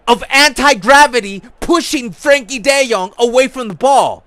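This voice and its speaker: Man, high-pitched, bright, live game commentary, frustrated ranting, swearing. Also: very animated, measured pace, dry recording, faint music behind. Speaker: gaming streamer.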